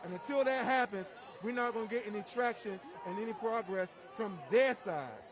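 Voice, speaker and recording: A man reporting live from a street protest, earnest and speechlike, with filler pauses. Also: high-pitched. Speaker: livestream reporter. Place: outdoor city street protest. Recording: live outdoor stream amid a crowd. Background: crowd.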